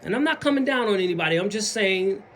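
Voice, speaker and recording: Man, Southern accent, high voice, very lively pitch, casual motivational vlog, acts out excuses, faint background noise. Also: fast. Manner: animated, acts out other people's excuses in mumbled voices. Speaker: vlogger.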